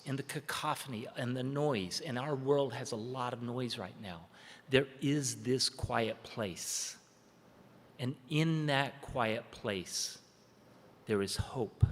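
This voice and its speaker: A man giving a dramatic personal storytelling speech at a training event. He tells it vividly, swinging between urgent, loud passages and hushed, slow ones. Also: mid-range voice, a little hiss or hum. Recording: echoey hall with long reverb.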